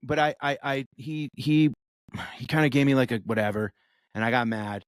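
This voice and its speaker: A man co-hosting a podcast, telling an animated story with lively swearing and acted-out voices. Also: mid-range voice, normal speed, no echo, studio quality. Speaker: podcast co-host. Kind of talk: casual chat.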